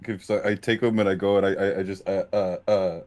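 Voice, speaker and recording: A man's voice: deep voice, level tone, fairly quick, a little mellow. A man player in a casual tabletop game chat, rambling and stammering.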